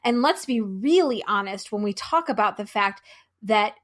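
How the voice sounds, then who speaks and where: Frank, deliberate woman podcast guest. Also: medium pitch, lively intonation, a bit bright. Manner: frank, deliberate, swears freely. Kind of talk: casual podcast conversation.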